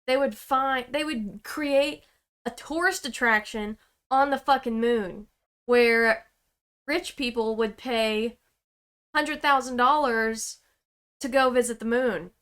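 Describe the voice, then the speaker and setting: A young woman co-hosts a casual podcast, her voice smooth and clear and pitched fairly high. She speaks slowly and hesitantly, with slang and plenty of fillers. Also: fairly bright tone. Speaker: podcast co-host.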